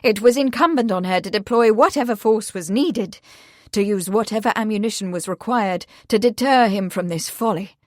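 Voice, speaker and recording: A woman reading a mystery novel aloud in an expressive, clear way. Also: mid-range voice, moderate pace, no echo, clean studio sound. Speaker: audiobook reader. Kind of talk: scripted narration.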